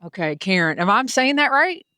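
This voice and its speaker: A woman's voice: mid-range voice, a little slow, a bit bright, no echo, clean studio sound. A woman with a Southern US accent vlogging casually from a mountain summit, chatty and self-deprecating, filmed on a handheld phone. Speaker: hiker and vlogger. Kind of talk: casual trail vlog.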